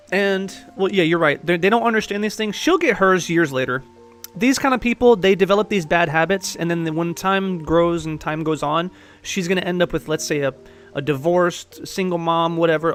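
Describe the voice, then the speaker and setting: A man's voice: fairly high pitch, fairly bright tone. A man giving casual life-coaching advice, blunt and profane, pressing his listener with direct questions. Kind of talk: casual one-on-one advice talk.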